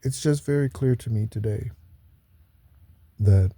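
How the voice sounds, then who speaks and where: With a mellow, mid-range voice carrying a breathy edge and no room sound, a spiritual channel host addresses his viewers solo. He preaches, repeats himself to hammer points home, and slows for stressed asides.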